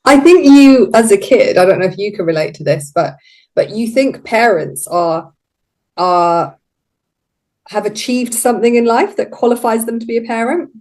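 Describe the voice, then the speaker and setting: A woman's voice: fairly high pitch, expressive, moderate pace, a little mellow. A middle-aged woman, a guest on a podcast, talking reflectively and casually, laughing often. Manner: reflective, laughs often, quotes herself in little voices. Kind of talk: casual interview chat.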